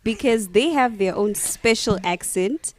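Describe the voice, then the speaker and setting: A woman panelist talking in a chatty, animated way and mimicking others' speech. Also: mid-range voice, measured pace. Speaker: youth talk show panelist. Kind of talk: casual panel discussion.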